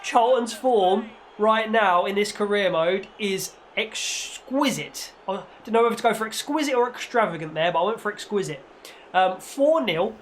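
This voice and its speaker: High-voiced, excitable gamer. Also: male voice, normal speed, a little hiss or hum. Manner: excitable, breaks into mock-commentator shouts. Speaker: gaming channel host. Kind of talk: playful football commentary over gameplay.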